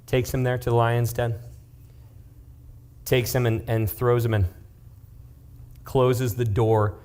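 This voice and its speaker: A young man, a youth pastor, preaching in a casual, animated way, retelling a story and dropping into hushed asides. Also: mid-range voice, takes it slowly, clear, resonant tone. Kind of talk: youth-group sermon storytelling.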